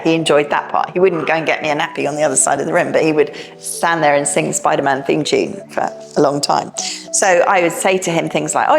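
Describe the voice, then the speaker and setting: Woman, middle-aged, low-pitched, rambling and chatty with parents, faint music under. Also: creaky. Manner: chatty and warm-hearted, with many fillers and restarts. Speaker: education director speaking to parents. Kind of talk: informal talk to parents, personal anecdotes.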